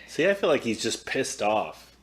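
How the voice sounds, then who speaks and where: A man's voice: mid-range voice, big pitch swings, normal speed. A man co-hosting a movie podcast, giving hesitant, filler-heavy thoughts in casual chat. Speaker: podcast co-host. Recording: echoey room.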